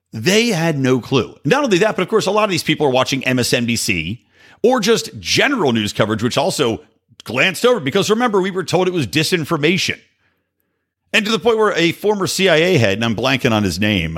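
A male podcast host in a sarcastic rant, full of asides. His pitch swings widely from phrase to phrase, and his voice sits at an ordinary middle height. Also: a bit bright. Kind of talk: opinionated political commentary.

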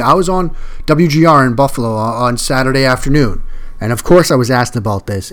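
A man with a medium-pitched voice hosts a solo sports podcast. He talks in a conversational, emphatic way, repeating words when he wants to stress a point.

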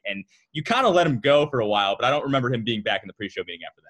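A man's voice: medium pitch, very animated, racing, few pauses, a bit bright. A male co-host in a casual chat, telling stories in a chatty way with frequent restarts.

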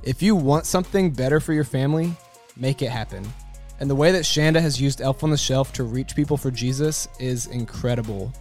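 A man's voice: medium pitch, a little fast, darkish tone. A man hosting a podcast, reading an earnest, encouraging closing message. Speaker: podcast host. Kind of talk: scripted outro. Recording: music bed under voice.

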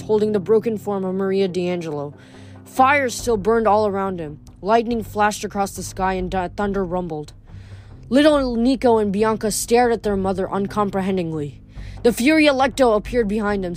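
A woman reading a novel aloud in steady storytelling, with small slips, faint music behind. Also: mid-range voice. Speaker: reader.

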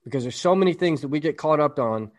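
A man's voice: fairly high pitch, animated, fast talker. A man co-hosting a podcast, talking in a casual, emphatic, motivational way and checking in with "right?". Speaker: podcast co-host.

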